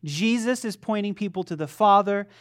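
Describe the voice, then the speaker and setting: A man's voice: sits high, moderate pace, smooth. A man preaching a sermon as a pastor. He talks conversationally, makes self-deprecating remarks, often restarts his sentences, and quizzes the congregation. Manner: asks the congregation questions.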